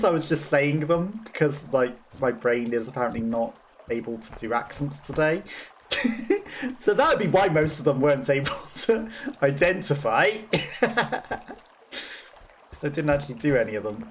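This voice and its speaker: Fairly high-pitched and animated, a man from the West Midlands, England, delivers let's play commentary at normal speed in a Black Country accent. The gamer is chatty and self-deprecating, laughing often as he plays, and a little hiss or hum can be heard.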